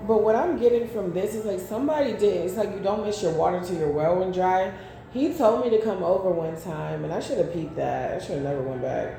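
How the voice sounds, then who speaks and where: Brisk and creaky, this woman's voice sits on the low side with a dark tone. As a tarot reader doing a casual session, she speaks bluntly, swears, and wanders off into chatty stories about her own life, all in a very echoey room with faint noise behind her.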